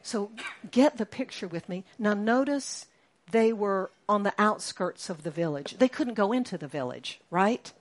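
A woman preaching a sermon to a congregation, animated and rising to sudden shouts for emphasis. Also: mid-range voice.

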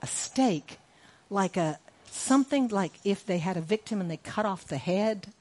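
Middle-aged woman pastor, emphatic sermon voice, mid-range pitch, repeats lines, quizzes the room. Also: animated, normal speed, a little mellow. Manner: emphatic, repeats key lines, questions the congregation. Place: church sanctuary.

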